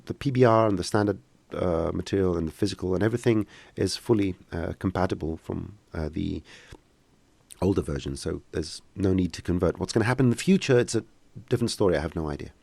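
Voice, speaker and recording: Give me a man with a deep voice and a dry close sound, casually fielding questions in a live tutorial stream. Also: fast, creaky, a little mellow, no echo. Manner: casual, joking, hesitant with many fillers. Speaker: software instructor.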